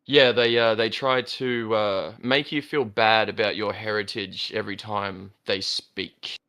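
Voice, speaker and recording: A man with a broad Australian accent chatting casually, speaking haltingly with many pauses and fillers. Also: lowish voice, fairly even intonation, pushed and bright, smooth. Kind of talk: casual chat.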